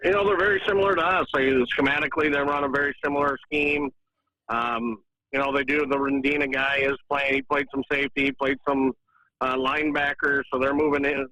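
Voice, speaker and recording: A man in his forties, a football coach, talks easily about game plans with a bright, forward tone. The sound is dry and close. He leans on fillers and restarts as he thinks aloud. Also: medium pitch, dry recording, lo-fi sound. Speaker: high school football coach. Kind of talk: radio interview.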